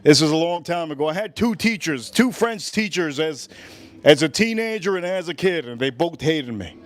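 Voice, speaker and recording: A man's voice: on the high side, animated, normal speed. A man from the United States in his forties, hosting a cooking livestream in casual chat, rambling and repeating himself as he restarts his sentences.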